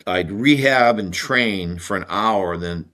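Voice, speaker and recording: An American man in his sixties sits in as a podcast guest, telling an old sports story at length. His voice sits low, but he drives it with a bright, forceful edge. He slips in and out of other people's voices as he goes. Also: slow pace. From United States. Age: 60s. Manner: animated, acts out the people in his stories. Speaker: guest, former Olympic hockey player.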